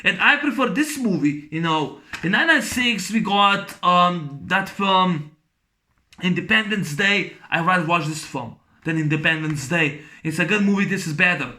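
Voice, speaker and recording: A man reviewing a movie in a casual, rambling monologue, full of fillers and restarts, who breaks into excited sound effects and laughs as he recounts scenes. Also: sits high, moderate pace.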